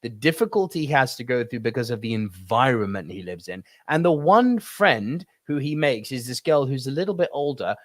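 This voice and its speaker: A man's voice: medium pitch, very animated, normal speed, hardly any pauses, dry recording, clean studio sound. A man in his thirties co-hosting a podcast, talking about films in an emphatic, swearing, ranting way. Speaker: podcast co-host. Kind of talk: casual film discussion.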